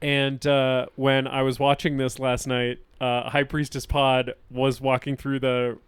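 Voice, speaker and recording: Rich: A man co-hosting a casual movie podcast, joking and laughing often. His voice is smooth and clear, and the close mic gives a dry sound with no room echo. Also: mid-range voice, flat delivery, a little slow. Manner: jokey, laughs a lot. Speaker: podcast co-host.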